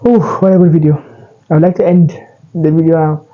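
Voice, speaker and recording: A man's voice: on the high side, fairly even intonation, brisk, narrow, tinny audio, soft background music. A man giving casual advice in a loose, rambling way, full of fillers and self-corrections. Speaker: Muslim self-improvement creator.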